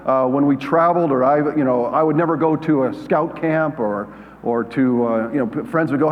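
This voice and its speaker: Older man speaking in a reverberant hall. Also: medium pitch. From United States. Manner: halting, self-deprecating storytelling with many fillers and restarts. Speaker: keynote speaker. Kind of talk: conference keynote talk. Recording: muffled sound with long hall reverb.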